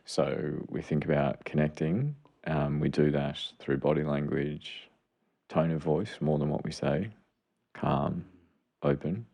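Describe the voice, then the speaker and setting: A man's voice: rumbling low, fairly even intonation, takes it slowly, creaky, mellow. A middle-aged man, a podcast co-host and clinician, explaining parenting steps in an earnest, enthusiastic way. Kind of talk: casual chat.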